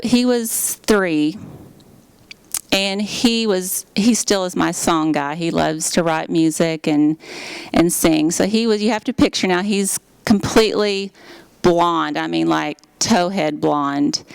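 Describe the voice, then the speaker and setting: A woman's voice: fairly low pitch, vocal fry, clear, resonant tone, no room sound. A woman giving an earnest, heartfelt faith testimony. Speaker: speaker giving a personal testimony.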